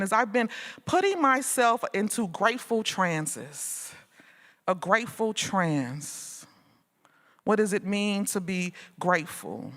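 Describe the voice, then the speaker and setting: A woman artist leading a gratitude meditation with a slow, lulling, repetitive delivery at a symposium. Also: medium pitch, a bit bright. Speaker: artist speaker. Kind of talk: guided gratitude meditation talk. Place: large hall at a symposium. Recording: long reverb of a large hall.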